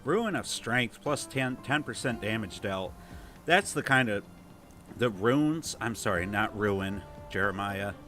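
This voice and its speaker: A man with a Toledo, Ohio twang hosts a relaxed gameplay stream in a low-pitched voice. He rambles easily and reads out comments from viewers, with faint music playing underneath. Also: a little slow. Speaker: livestream host. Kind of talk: casual gameplay livestream chat.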